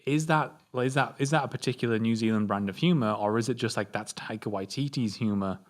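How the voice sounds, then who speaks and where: Thoughtful British man, mid-pitched. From Britain. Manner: thoughtful, measured, hesitant restarts. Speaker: film review podcast co-host. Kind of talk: casual chat.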